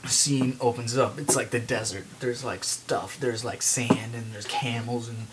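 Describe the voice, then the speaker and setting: Young man, rambling comic pitch, lots of "like", faint hiss behind. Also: steady tone, unhurried. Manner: rambling, full of "like" and restarts, bursts into silly voices. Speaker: vlogger pitching a movie idea.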